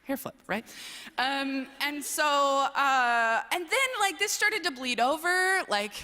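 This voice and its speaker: A young woman from southern Wisconsin speaks in a bright, sharp tone. She gives a chatty, self-deprecating talk to a chapel gathering. Her voice rings with a long reverb through the large hall. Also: sits high, lively intonation, slow pace. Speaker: chapel speaker, speech coach. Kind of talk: humorous personal talk at a chapel service.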